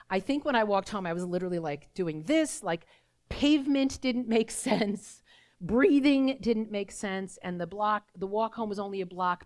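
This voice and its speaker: A middle-aged woman pastor delivering a sermon, telling a personal story with emotion and soft, hushed passages. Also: medium pitch.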